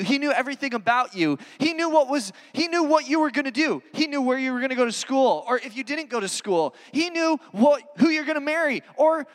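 A man's voice: extremely high pitch, fairly bright tone. A man preaching a sermon as a pastor, earnest and conversational, with many casual fillers. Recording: long hall reverb.

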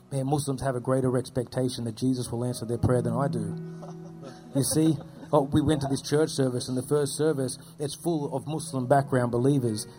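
A man telling earnest faith stories as an interview guest, dropping his voice low at solemn moments. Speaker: guest speaking about persecuted churches. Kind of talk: storytelling testimony.

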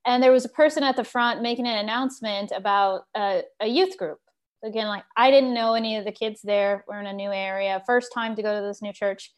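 A woman from Texas who leads a sharing circle, telling a personal story in a lively, animated way and laughing as she goes. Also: mid-range voice, brisk, smooth. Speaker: group facilitator.

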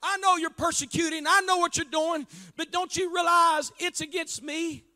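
A male pastor preaching an impassioned sermon, often shouting and stretching out his words, in a church. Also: very high-pitched, level tone, moderate pace. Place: church sanctuary. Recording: long reverb of a church hall.

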